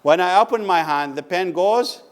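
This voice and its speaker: Man lecturing, slow questioning delivery. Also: sits high, smooth. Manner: asks the class questions and answers them, repeats key words slowly. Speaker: physics lecturer. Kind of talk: classroom lecture. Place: lecture room.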